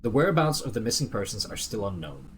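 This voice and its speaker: A man's voice: on the low side, very animated, fast talker, slight background noise. A man streaming a video game, chatting casually and reading chat and in-game documents aloud, with a mostly American accent that drifts toward British. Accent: American, slipping toward British. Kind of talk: casual gameplay livestream chat.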